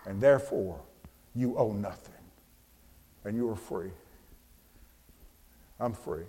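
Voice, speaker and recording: A man preaching a sermon, moving from hushed, slow storytelling to soaring, shouted proclamation. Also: lowish voice, slightly rough. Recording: long hall reverb.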